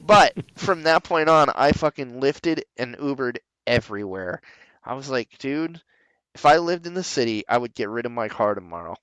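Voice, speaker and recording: Smooth-voiced, foul-mouthed man telling stories. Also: mid-range voice, moderate pace, dry recording, poor audio. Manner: profane, animated storyteller who acts out quoted people. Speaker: podcast host. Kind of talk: casual podcast chat.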